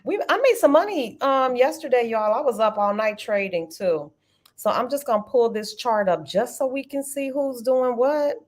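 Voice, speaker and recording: A woman's voice: a little high, moderate pace. Chatty woman hosting a trading livestream. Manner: chatty, animated, keeps addressing viewers as y'all. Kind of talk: casual live-stream chat.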